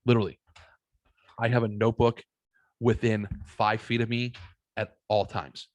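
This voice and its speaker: A man from the United States, a podcast guest, telling casual stories in a blunt, heavily swearing, animated way. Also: lowish voice, moderate pace, no echo. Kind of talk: casual storytelling chat.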